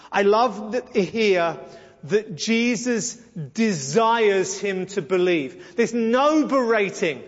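A man's voice: high voice, big-room sound, muffled recording. A man preaching a sermon as pastor, conversational and emphatic with playful asides.

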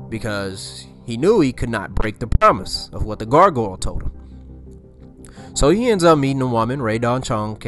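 A man's voice: mid-range voice, fairly bright tone. Man casually retelling a scary scene, faint music behind. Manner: rambling, repeats himself, slangy asides. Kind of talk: casual storytelling.

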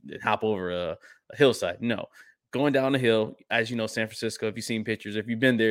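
Joking, rambling man co-hosting a podcast. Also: fairly low pitch. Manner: joking, laughs often, rambling asides. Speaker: podcast co-host. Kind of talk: casual podcast banter. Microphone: desk mic, sharing screen.

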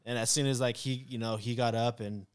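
A man's voice: mid-range voice, fairly even intonation, a little fast, clear, resonant tone. A man, a barber, chatting on a podcast and telling a heartfelt story, earnest and emotional, with many fillers and restarts. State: tearing up. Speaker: barber guest. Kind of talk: casual podcast chat.

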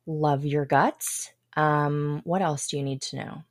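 A woman's voice: low voice, fairly even intonation, slow, no echo, clean studio sound. A woman hosting her own podcast in a casual, playful, irreverent chat with plenty of swearing. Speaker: podcast host.

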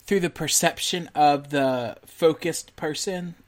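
Brief: woman co-host, lowish voice, dry and blunt. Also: takes it slowly. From Shreveport, Louisiana. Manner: blunt, wry reactions. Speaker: podcast co-host. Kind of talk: casual chat.

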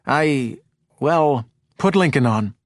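A man's voice: mid-range voice, lively intonation, slow, no room sound, studio quality, voice pushed up. A man reading a novel aloud, voicing an awkward male lab technician who speaks hesitantly and apologetically. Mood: sheepish.

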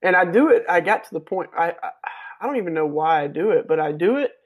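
A man's voice: on the high side, expressive, quick pace. A man on a podcast, chatting casually and telling loose, laughing stories with some swearing. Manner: laughing storyteller, loose and profane. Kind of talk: casual chat.

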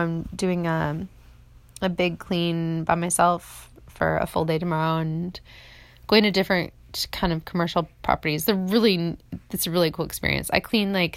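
A woman's voice: mid-range voice, a bit bright, no echo. A woman in her forties hosting a podcast, talking off the cuff in an emotional, rambling way, speaking into a phone she holds. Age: 40s. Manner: emotional, rambling, tearful at times. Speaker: podcast host. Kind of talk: off-the-cuff personal monologue. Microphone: phone held in hand.

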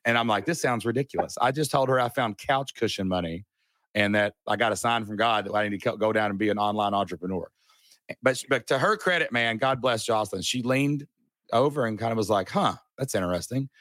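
A middle-aged man telling a personal story in a casual chat, animated and earnest, with a folksy way of talking. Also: fairly low pitch, fairly quick, no room sound, studio quality. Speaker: podcast guest.

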